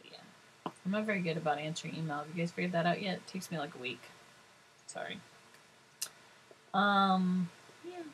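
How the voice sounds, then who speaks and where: A middle-aged woman talks casually to her viewers. She rambles and chats freely and laughs often, in a somewhat low voice. A faint hum of room ambience sits behind her. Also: moderate pace, pauses often, fairly bright tone, poor audio. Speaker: vlogger.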